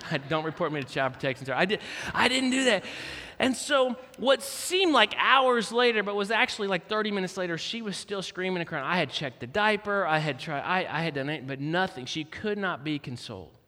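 A man's voice: high voice, animated, fairly quick, bright, forceful tone, long reverb tail. A middle-aged man giving a sermon as a guest speaker, telling a story with self-mocking humor and acting out the lines he quotes.

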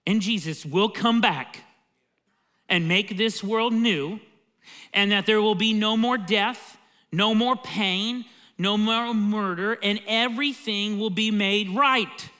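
High-voiced, bright-toned man preaching. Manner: emphatic and conversational, often opens with "See,". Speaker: pastor. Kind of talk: sermon.

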